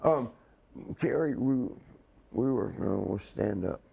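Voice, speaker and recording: A man's voice: lowish voice, animated, takes it slowly, gravelly, warm tone, slightly rough. A man telling a rambling story as a guest in a casual chat, laughing as he goes. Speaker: wrestling guest.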